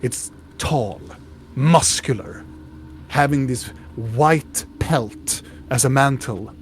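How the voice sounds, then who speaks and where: Slow-talking male game master. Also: medium pitch, lively intonation, soft background music. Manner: descriptive, with restarts. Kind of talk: narrating a tabletop game.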